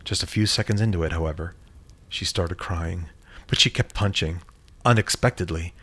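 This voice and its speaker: Deep-voiced man narrating a horror tale. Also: bright, forceful tone, slightly rough. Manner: measured, dramatic storytelling. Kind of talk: scripted horror story narration.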